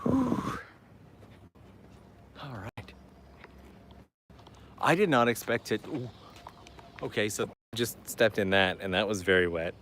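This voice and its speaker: A man's voice: fairly low pitch, a little slow, long pauses, fairly bright tone, a little hiss or hum. A man hosting a travel live stream outdoors, chatting enthusiastically with viewers while walking and reading their messages aloud. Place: outdoors on a seaside island path.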